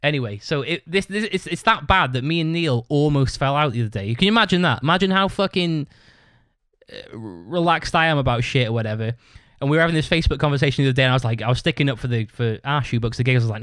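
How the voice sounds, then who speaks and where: A young man with a British accent tells a long, rambling story on his podcast, swearing a lot and breaking into laughter. His voice sits at a middle pitch, and the recording is close and dry with no room sound. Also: fast talker, no room sound. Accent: British English. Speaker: podcast host. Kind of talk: casual storytelling monologue.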